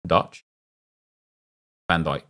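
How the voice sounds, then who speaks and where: A man's voice: extremely slow, pushed and bright. A man with a South London accent giving casual, rambling commentary while opening packs in a football video game, joking with his chat. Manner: chatty, rambling, jokey asides to chat. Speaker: streamer.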